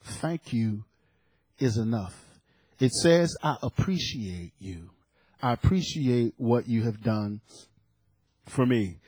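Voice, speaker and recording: A man in his fifties preaching a sermon, emphatic, repeating his words and rising at times to shouts. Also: fairly high pitch, husky, no room sound. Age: 50s.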